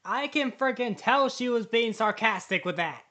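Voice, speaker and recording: A woman's voice: a little high, animated, moderate pace, a bit bright. A woman hosting a reaction video, talking back indignantly to the clip she watches. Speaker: reaction channel host. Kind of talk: casual reaction commentary.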